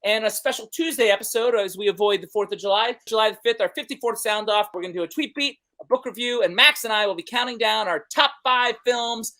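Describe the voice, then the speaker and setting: A man's voice: sits high, fast, few pauses, bright, forceful tone. A man hosting a film review show, chatty and upbeat with a joking manner. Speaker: host. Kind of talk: casual podcast chat.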